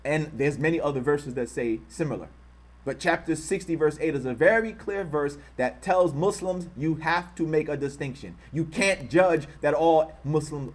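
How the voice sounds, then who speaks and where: A man hosting his channel who reads out quotes in heated commentary, angrily insulting his target and repeating himself for emphasis. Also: fairly high pitch. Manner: says he is trying to control his harsh speech. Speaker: channel host.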